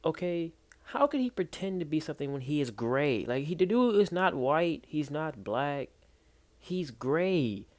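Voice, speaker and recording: A man reacting to clips in loose, slangy talk, incredulous and animated as he comments. He is recorded through a basic built-in mic instead of a proper microphone. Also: fairly high pitch, unhurried. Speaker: reaction video host. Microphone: built-in mic, not a real microphone.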